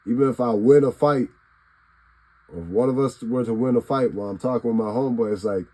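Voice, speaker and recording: A man's voice: medium pitch, fast, mellow, rough recording. A man talking straight to his phone camera in a casual, profane, rambling rant, acting out what he would say to people. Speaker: vlogger.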